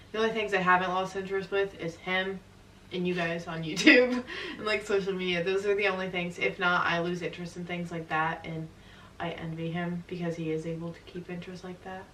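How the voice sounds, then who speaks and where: A woman's voice: lowish voice, a bit bright, reverberant, distant mic, slight background noise, poor audio. A young woman vlogger chatting casually and giggling often, filler words all through, answering couples questions.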